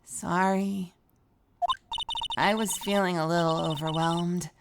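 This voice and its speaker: A woman voicing a cheerful young female sidekick who speaks softly and chirpily, with music behind. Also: lowish voice, steady tone, slow. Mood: sheepish.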